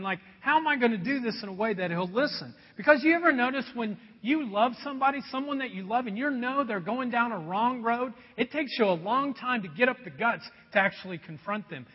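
A high-voiced man preaching with a lively, swooping delivery. His voice is a little husky, and it rings with a long reverb as if he is in a big hall. The sound is slightly dull and lo-fi. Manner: animated, conversational preaching with acted-out voices. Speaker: pastor. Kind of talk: sermon.

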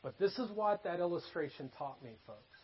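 A male pastor delivers a sermon in a high, slightly husky voice. He preaches with emphatic repetition and often drops to a hushed storytelling tone. The recording sounds a little dull. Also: expressive, moderate pace.

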